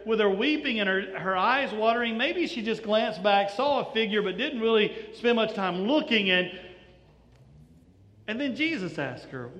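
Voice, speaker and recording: High-voiced pastor preaching in a hall. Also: male voice, normal speed. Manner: animated storytelling, many restarts. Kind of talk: sermon. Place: church. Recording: reverberant church hall.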